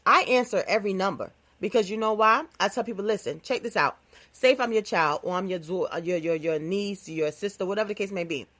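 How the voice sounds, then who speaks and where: A woman hosting her own podcast, talking in a playful, animated, casual comedic monologue with phrasing. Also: medium pitch, brisk. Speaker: podcast host.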